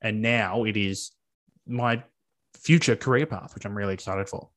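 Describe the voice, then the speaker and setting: A man's voice: fairly low pitch, normal speed, fairly bright tone. A young Australian man answering interview questions about his path into teaching, earnest and enthusiastic, often restarting his sentences.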